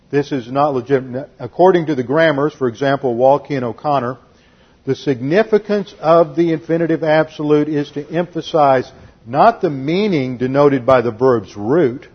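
A man's voice: mid-range voice, husky. A man teaching the Bible in a pastor's lecture, emphatic and didactic, hammering each point home. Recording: dull lo-fi recording.

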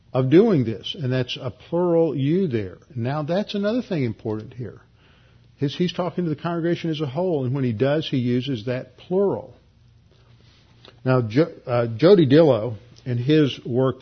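Husky man teaching scripture, lo-fi. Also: medium pitch. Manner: earnest, explanatory, with frequent restarts and emphatic stresses. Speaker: Bible teacher. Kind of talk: expository Bible teaching. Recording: dull lo-fi recording.

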